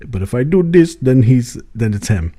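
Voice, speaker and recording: A man's voice: mid-range voice, expressive, moderate pace, warm tone, slightly rough. A man co-hosting a podcast, telling a story casually with jokes and laughs. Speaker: podcast co-host. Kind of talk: casual chat.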